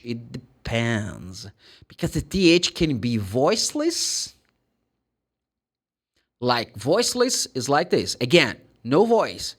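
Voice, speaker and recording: In this pronunciation lesson, a Brazilian Portuguese-accented man teaches English at a slow, sing-song pace, with his pitch rising and falling broadly. He voices the sounds as models and plays out students' questions himself.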